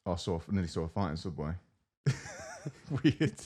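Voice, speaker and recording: Low husky man telling a story. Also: a little slow. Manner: animated storyteller, acts out other people's lines. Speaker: podcast co-host. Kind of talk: casual chat.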